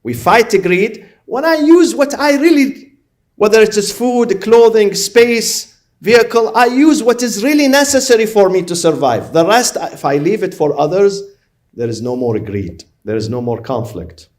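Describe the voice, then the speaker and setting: A man's voice: sits high, animated, normal speed. A man preaching a sermon as a religious lecturer, stressing his points by repeating and listing short phrases. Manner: emphatic, repeats and lists phrases.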